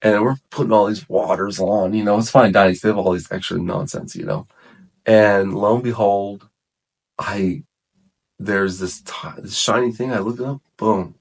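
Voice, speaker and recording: Deep-voiced man rambling through his testimony. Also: animated, normal speed, gravelly, slightly rough. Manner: rambling, self-correcting, heavy on "like" and "man". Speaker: guest sharing his testimony. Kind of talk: casual testimony chat.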